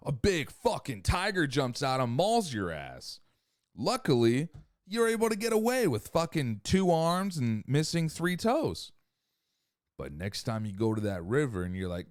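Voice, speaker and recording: A man's voice: mid-range voice, sing-song, a little slow, no echo, studio quality. A man hosting a podcast in a casual, profane, rambling rant who sometimes loses his thread. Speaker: podcast host.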